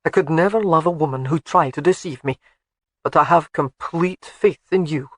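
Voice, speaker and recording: A narrator voicing a gruff, teasing Highland laird with a lilt and a low, slow drawl. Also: male voice, a bit bright, dry recording.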